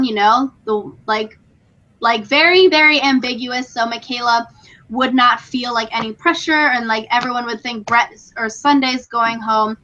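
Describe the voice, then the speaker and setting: A young woman co-hosting a podcast in casual, excitable chat, full of "like" and quick laughs. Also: fairly high pitch, dull audio, a little hiss or hum. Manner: chatty, excitable, frequent "like" and laughs. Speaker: podcast co-host.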